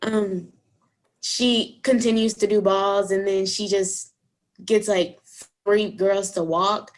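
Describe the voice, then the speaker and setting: A young woman, a softball catcher, speaking with lots of likes and searching for words. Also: medium pitch, fairly even intonation, slow. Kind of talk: casual interview.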